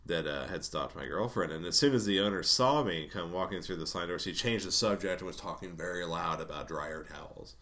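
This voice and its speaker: A man's voice: sits low, fairly quick, few pauses, pushed and bright. A man casually telling a rambling personal story, swearing often and laughing between lines.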